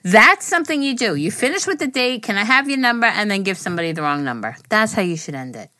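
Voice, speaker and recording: Bright-voiced woman swearing through a story. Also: mid-range voice, quick pace, no room sound, studio quality. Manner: swears a lot, animated storytelling. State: has a headache. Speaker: podcast co-host. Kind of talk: casual chat.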